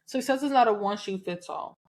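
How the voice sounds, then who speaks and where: A woman's voice: medium pitch, brisk, darkish tone. Southern-accented woman host, frank solo podcast talk, casual and outspoken, mid-range voice. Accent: Southern American. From American South. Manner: candid, chatty, frequent laughs and cussing.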